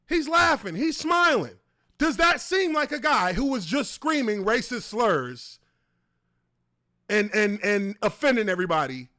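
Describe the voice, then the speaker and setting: Animated profane man reacting to a clip. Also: very high-pitched, no echo, clean studio sound. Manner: profane, animated, talks to viewers. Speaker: show host. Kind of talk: casual commentary on a video clip.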